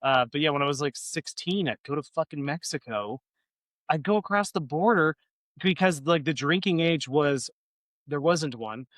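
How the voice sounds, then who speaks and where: Dude rambling and swearing thru podcast stories, kinda high voice, dry close mic. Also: male voice, animated, normal speed, fairly bright tone, no room sound. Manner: rambling, profane storytelling. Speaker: podcast co-host. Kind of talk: casual podcast chat.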